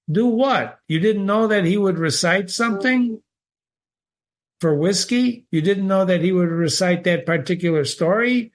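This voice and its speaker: A man's voice: high voice, moderate pace. A man reading passages from a short story aloud and analyzing them, stopping often to put rhetorical questions to his listeners. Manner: animated, questioning, stops to quote the text and ask rhetorical questions. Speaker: literature teacher.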